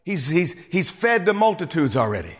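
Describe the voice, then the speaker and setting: A man from the suburbs preaches a sermon in a high, lively voice that rises and falls. He speaks emphatically, with asides and quick restarts, and a large hall's long reverb rings around him.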